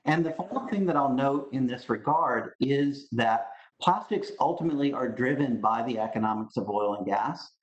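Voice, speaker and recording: A man's voice: mid-range voice, lively intonation, normal speed, hardly any pauses. A man makes his case as a panelist, firm and emphatic as he builds each point. His voice sits in the middle range, and the room echoes around a slightly muffled sound. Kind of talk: online panel discussion remarks.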